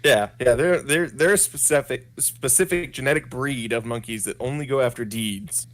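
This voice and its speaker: A man in tabletop game banter, quick and jokey, repeating words. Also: medium pitch, fairly bright tone. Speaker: player.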